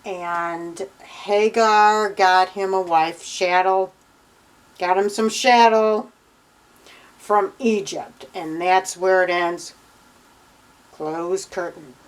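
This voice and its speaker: A young woman talks slowly through her Bible reading in a casual vlog, indignant and sarcastic as she retells each story. Her pitch sits in an ordinary middle range, and she takes her time between thoughts. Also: fairly even intonation, clean tone, low-quality recording. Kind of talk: casual commentary.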